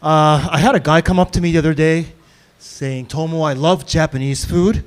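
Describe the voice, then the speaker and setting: A man doing a stand-up set of deadpan one-liners and puns on a club stage. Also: on the high side, moderate pace, smooth. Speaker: stand-up comedian. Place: comedy club stage with live audience.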